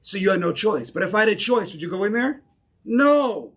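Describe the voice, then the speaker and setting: A man with an American accent, a rabbi leading an interactive Torah class for a small group, animated and full of questions. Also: high-pitched, breathy edge. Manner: animated, questioning, keeps pausing listeners. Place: synagogue room with a small group.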